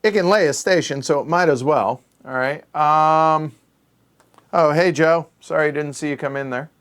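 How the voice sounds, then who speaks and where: A man's voice: fairly high pitch, moderate pace, fairly bright tone. Man muttering counts through a board game. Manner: counting aloud under his breath while thinking; muttering, self-correcting. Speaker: board game show host.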